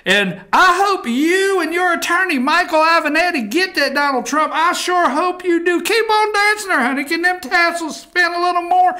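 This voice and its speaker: A rowdy, leering good ol' boy hollers in a high, bright drawl, as a man puts him on. His voice is tense and cutting. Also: lively intonation, normal speed, few pauses, exaggerated voice. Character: rowdy Texas man yelling at a stripper.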